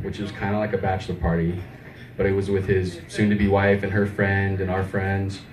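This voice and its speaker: A man's voice: lowish voice, a little mellow. A man doing a rambling, self-deprecating open mic stand-up set in a small comedy club, chuckling as he goes. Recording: echoey club, mic far off.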